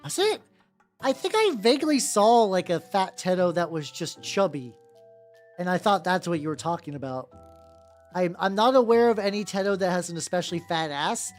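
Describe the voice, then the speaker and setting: Expressive and mid-range, this streamer's voice runs at a normal speed with no notable accent. While painting miniatures on a live stream, they ramble through casual chat full of fillers and easy swearing, with faint music in the background.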